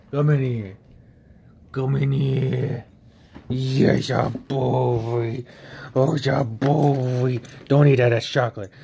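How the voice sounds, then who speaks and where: A man's voice: mid-range voice, gravelly, dark tone, slight background noise. A man at home filming his pet on a phone, teasing it and swearing casually in a playful singsong. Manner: teasing, profane baby-talk to an animal. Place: indoors at home.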